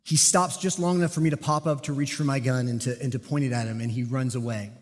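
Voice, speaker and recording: A man preaching a sermon, telling a personal police story with lively, self-deprecating humor. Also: medium pitch, fast. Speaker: pastor and police officer. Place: church sanctuary. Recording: long hall reverb.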